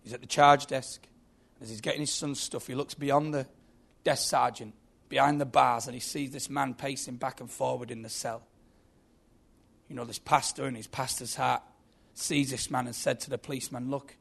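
A man's voice: medium pitch, steady tone, normal speed, vocal fry, fairly bright tone, breathy edge. A man preaching a sermon, earnest and emphatic, telling a story.

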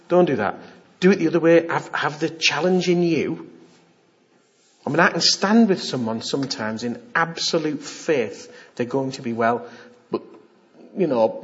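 A middle-aged man preaching an informal, jokey sermon and acting out the voices he quotes. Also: fairly high pitch. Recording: dull lo-fi sound.

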